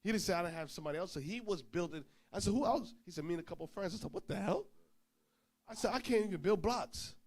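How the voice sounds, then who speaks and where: Male preacher, higher voice, lively storyteller who acts out the dialogue himself, informal sermon. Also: fast. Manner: animated storyteller, acts out dialogue, swings loud and soft.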